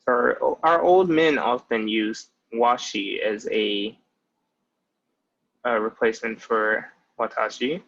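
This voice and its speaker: A man's voice: mid-range voice, takes it slowly, vocal fry, fairly bright tone. Young man, twenties, casual teacher, patient and explanatory, slightly muffled lo-fi sound. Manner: patient, explanatory, with frequent "like" fillers. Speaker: language teacher. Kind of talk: casual online language lesson.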